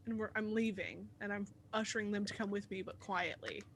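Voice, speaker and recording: A woman playing in a live tabletop game, chatty and quick, describing her character's moves. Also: medium pitch, fairly even intonation, gravelly, fairly bright tone. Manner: quick, chatty, laughs often. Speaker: player. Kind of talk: casual tabletop play.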